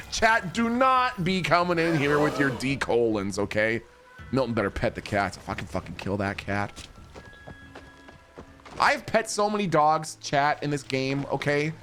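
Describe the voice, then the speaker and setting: A man streaming a video game, bantering with chat in an animated, profane way. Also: a little high. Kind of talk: casual live gameplay commentary.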